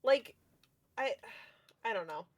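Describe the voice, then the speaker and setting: A woman's voice: a little high, animated, slow pace. A woman guest in casual chat, giggling and trailing off. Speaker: guest streamer.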